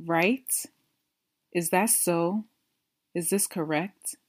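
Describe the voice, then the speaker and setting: A woman teaching phrases in a slow, careful lesson, repeating each one and then translating it, sometimes dropping to a soft whisper. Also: fairly low pitch. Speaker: language teacher.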